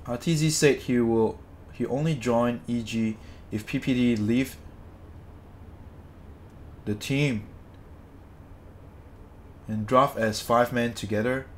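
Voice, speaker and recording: A man's voice: medium pitch, steady tone, slow, long pauses, slight background noise. Angry swearing man ranting. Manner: angry, swearing, repeats himself. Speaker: streamer. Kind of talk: ranting game commentary to chat.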